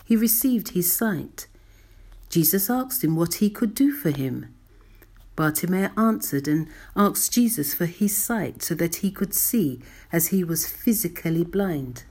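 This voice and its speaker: Woman preacher delivering an emphatic devotional sermon, slow and low-pitched. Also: animated, warm tone, breathy edge.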